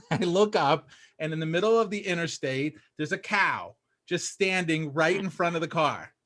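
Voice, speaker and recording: A man's voice: fairly high pitch, expressive, normal speed, fairly bright tone. A man around sixty plainly recounting an old road trip on a video call. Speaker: reunion participant. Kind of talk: casual storytelling.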